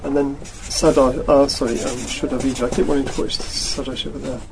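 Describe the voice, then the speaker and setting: Halting, thoughtful male teacher. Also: medium pitch, little pitch movement, gravelly, background noise. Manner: halting, thoughtful, corrects himself mid-sentence. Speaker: teacher leading a study group. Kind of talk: reading a text aloud and explaining it.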